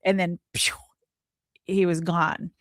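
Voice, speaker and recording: Woman guest on a podcast, lowish voice, earnest and casual, dry close sound. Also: level tone, slow pace, dry recording. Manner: casual, earnest, leans on "like" while recounting; spiritual, reflective tone. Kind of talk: heartfelt personal storytelling.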